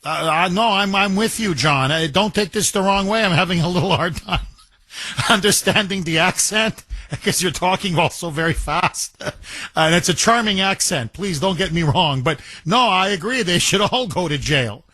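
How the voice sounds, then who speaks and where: Emphatic, bright-voiced talk radio host man. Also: high-pitched, normal speed, dry recording. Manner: emphatic, combative, jokes with callers. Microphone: studio microphone.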